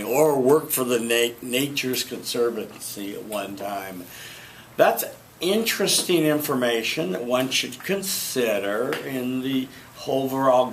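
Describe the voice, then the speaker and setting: A man teaching a debate class, giving chatty, digressive feedback to students. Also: mid-range voice. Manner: chatty, digressive, animated asides. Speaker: debate instructor. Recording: noisy classroom recording.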